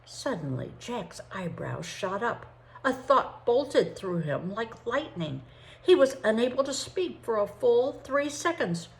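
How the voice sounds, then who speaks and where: An older woman, a grandmother, reading a chapter of a novel aloud in an expressive way. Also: a little high, a little slow, vocal fry. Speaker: storybook reader.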